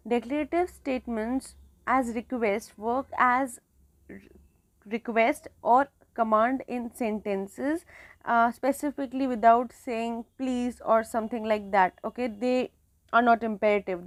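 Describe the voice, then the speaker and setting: A woman's voice: fairly high pitch, no room sound. Indian woman teaching grammar, dry sound. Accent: Indian English. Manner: explanatory, repeats phrases with fillers. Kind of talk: recorded grammar lecture.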